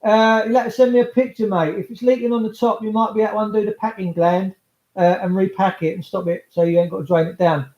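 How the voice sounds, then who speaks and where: High-voiced rambling Englishman, roomy sound. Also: level tone, fast, a little mellow. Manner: rambling, chatty, talks straight to viewers. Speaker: livestream host. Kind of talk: casual livestream monologue. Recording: roomy, slightly dull sound.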